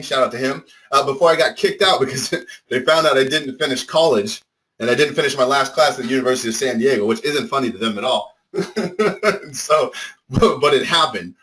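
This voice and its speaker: A young man giving an energetic motivational talk to a marketing audience, firing questions at listeners and swearing casually. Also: medium pitch, rough recording. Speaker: speaker at a marketing workshop.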